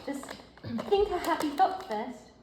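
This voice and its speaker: A woman's voice: high voice, expressive, a little slow. A woman reading the part of a grieving young girl, earnest and pleading, at a script read-through. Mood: gentle. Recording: roomy echo with loud noise.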